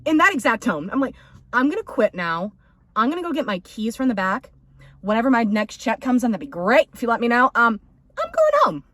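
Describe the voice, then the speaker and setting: Young woman podcast cohost, animated, fairly high voice, acts out everyone in her story. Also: a little fast, no room sound. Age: young adult. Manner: animated, acts out quotes with laughter. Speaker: podcast co-host. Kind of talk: casual storytelling chat.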